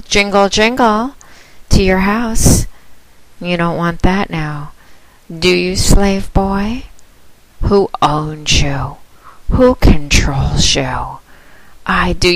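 A woman with a notably low voice speaks slowly and deliberately, giving a commanding, taunting monologue as a dominatrix addressing a listener. The sound is close and dry, with no room around it. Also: dry recording, low-quality recording.

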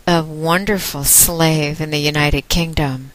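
Brief: woman, low-ish voice, slow and teasing, in command of her listeners. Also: fairly bright tone, no room sound, low-quality recording. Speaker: phone domination host. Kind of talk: slow recorded monologue.

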